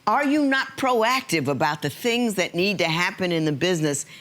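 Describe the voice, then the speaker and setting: A woman serving as a television judge, questioning the litigants in a probing and expressive way. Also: on the low side, normal speed.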